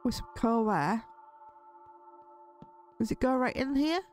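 Chatty woman narrating relaxed gameplay. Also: on the high side, slow, faint music behind. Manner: chatty, easily spooked, nervous laughs. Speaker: gaming channel host. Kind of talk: relaxed Minecraft let's play commentary.

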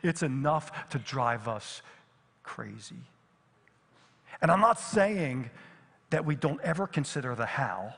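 Middle-aged guy preaching in a church, big hall echo, gets loud then drops real quiet. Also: fairly high pitch, animated, normal speed, slightly rough. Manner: dynamic, drops to near whisper on repeated phrases. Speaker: pastor. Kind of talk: sermon. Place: church sanctuary. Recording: long reverb of a church hall.

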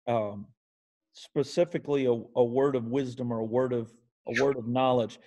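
A man hosting an interview, thoughtful and measured, often restating his points. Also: mid-range voice, steady tone, a little mellow. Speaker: interview host. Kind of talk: casual interview conversation.

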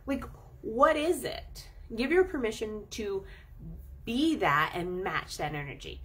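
A woman talking casually to her audience about pets, animated and playful, stretching out words for emphasis. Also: mid-range voice, slow pace, breathy edge. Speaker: animal chiropractor and channel host. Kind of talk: casual coaching talk to camera.

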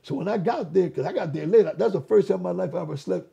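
High, gravelly male storyteller, dark and raspy, lively testimony delivery. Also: fast talker, muffled recording. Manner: animated, acts out quoted voices. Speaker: interview guest.

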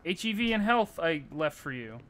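Lively, bright-voiced male game streamer. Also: a little high, moderate pace. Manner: chatty, excitable, swears casually. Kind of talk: live gameplay commentary.

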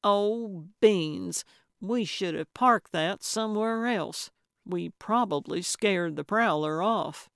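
A woman narrator voicing a brusque, stubborn old woman sleuth, pitched a little higher and louder than her narration, with a bossy, emphatic delivery. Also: slow, gravelly, no echo, studio quality. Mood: impatient. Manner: bossy, emphatic, slightly raised voice.

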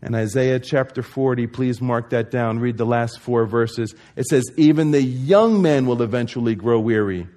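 A pastor from New Jersey preaching a conversational sermon, acting out quoted voices and rising to emphatic peaks. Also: male voice, mid-range voice, moderate pace, few pauses, dark tone.

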